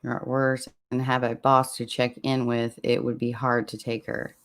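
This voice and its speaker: A man's voice: medium pitch, flat delivery, normal speed, a bit bright. Rambling man hosting a casual podcast. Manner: rambling, self-interrupting, laughs at himself. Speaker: true crime podcast host. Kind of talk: casual Q&A chat with listeners.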